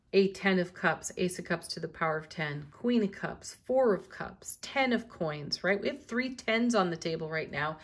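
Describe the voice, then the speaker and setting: A middle-aged woman with a slightly low voice reads tarot cards for her viewers. She talks in a gentle, spiritual manner and often breaks into a laugh. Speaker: tarot reader. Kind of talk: daily tarot reading to camera.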